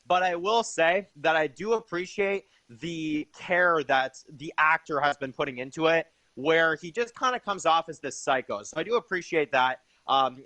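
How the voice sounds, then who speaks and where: A man's voice: fairly high pitch, bright, forceful tone, no echo. A young man giving an enthusiastic, rambling casual review of a TV episode, full of fillers.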